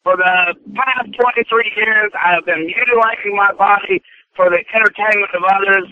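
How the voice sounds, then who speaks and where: A man in his forties, a wrestler guest calling in by phone, talking in a loud, blustering promo style. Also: high-pitched, fairly even intonation, normal speed, no echo. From US Midwest. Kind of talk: phone-in interview. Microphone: telephone. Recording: tinny phone line.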